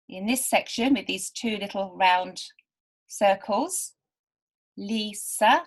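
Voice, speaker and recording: Slow, patient woman teaching beginners. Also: medium pitch. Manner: patient, stretches and repeats words. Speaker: literacy teacher.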